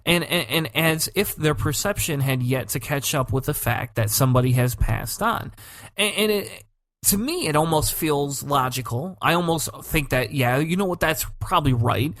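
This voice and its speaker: A man's voice: a little high, animated, moderate pace, a bit bright, no echo, studio quality. A man co-hosting a podcast in casual chat, telling a story with energy, swearing freely and acting out the quotes. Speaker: podcast co-host.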